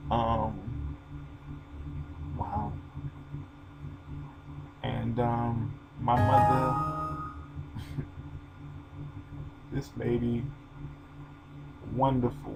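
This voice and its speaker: A man's voice: mid-range voice, gravelly, background noise. A man talking to his channel in an emotional, informal, rambling way, full of fillers. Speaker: vlogger. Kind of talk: personal video monologue.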